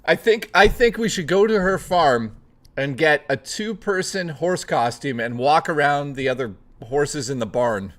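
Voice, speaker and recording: A man's voice: a little high, a little slow, a bit bright. A man hosting a casual chat stream, rambling and joking with plenty of swearing, greeting chat readers by name. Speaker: livestream host.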